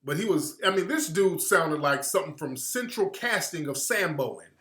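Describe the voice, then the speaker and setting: A man hosts a radio talk show in a loose, slangy, rambling way, often trailing off mid-thought. His voice sits a little high and sounds bright and forward. The room around him is echoey. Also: lively intonation, moderate pace. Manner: slangy, rambling, trails off while looking things up. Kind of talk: casual commentary to listeners.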